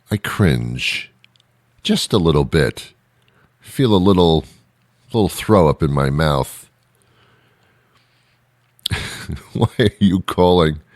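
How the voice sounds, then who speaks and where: A man's voice: low-pitched, no echo, clean studio sound. A male show host giving a rambling, sarcastic comedic monologue with mock outrage. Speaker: radio host.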